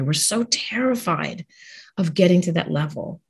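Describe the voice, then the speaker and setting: A woman with a slightly low, breathy-husky voice talks openly in a podcast conversation. She is frank and warm. She laughs easily and jokes darkly. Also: expressive, measured pace. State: widowed. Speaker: guest. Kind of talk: candid conversation about grief.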